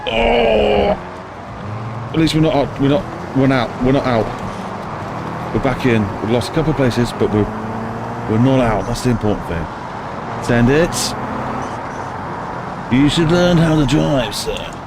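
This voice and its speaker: A man streaming a racing game, chatting excitably and reacting to every turn of the race. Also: mid-range voice, normal speed, long pauses. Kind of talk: live racing game commentary. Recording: loud game car noise underneath. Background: loud racing car engine noise.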